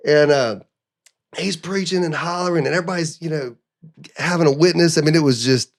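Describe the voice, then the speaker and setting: A man's voice: on the high side, fairly quick. Earnest man telling a story animatedly. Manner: animated storyteller who acts out other people's lines; earnest and emotional, frequent restarts. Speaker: interview guest. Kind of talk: personal storytelling in conversation.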